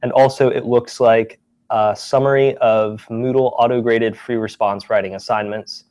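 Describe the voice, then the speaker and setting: A man on staff giving a casual office-hours update, relaxed, with many ums and restarts. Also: mid-range voice, moderate pace, no echo. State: briefly out of breath. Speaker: staff presenter.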